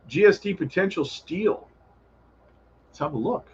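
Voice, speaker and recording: A man's voice: sits high, animated, unhurried, a little mellow, slightly rough, dull audio. A man hosting a casual crypto livestream, answering viewer questions in a laid-back, chummy way and calling viewers brother. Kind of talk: casual live chat reading viewer questions.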